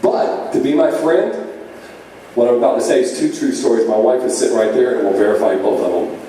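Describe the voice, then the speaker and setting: A man doing a profane stand-up set, telling stories with deadpan punchlines on a club stage. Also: mid-range voice, fairly quick. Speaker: stand-up comedian. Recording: echoey club sound from far off, faint noise.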